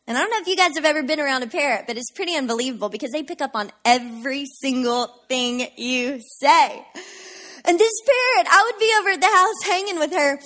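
Woman preacher, high voice, gets fired up and loud, sermon energy. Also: fast. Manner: impassioned preaching that builds to shouted declarations. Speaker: pastor.

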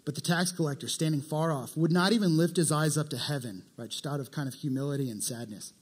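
A male preacher with a high voice gives an animated, conversational sermon. He keeps asking the listeners questions as he talks. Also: quick pace, breathy edge. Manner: animated, asks the crowd questions.

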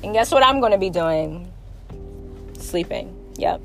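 A woman's voice: medium pitch, expressive, a little fast, soft background music. A woman hosting a casual solo podcast, talking bluntly with lots of slang, swearing and rambling asides to her listeners. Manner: frequent filler questions to listeners. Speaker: podcast host.

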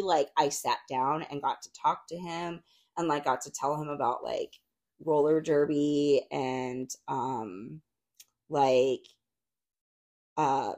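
Chatty woman, low voice, lots of fillers. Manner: chatty, many "like" and "um" fillers, animated retellings. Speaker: podcast guest, retired roller derby skater. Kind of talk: casual storytelling chat.

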